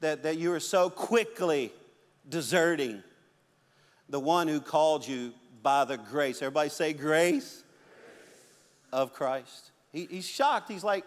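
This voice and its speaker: A middle-aged man preaching a sermon as a pastor, animated and acting out the quotes and stories he tells. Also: fairly high pitch, measured pace. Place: church sanctuary. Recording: long hall reverb.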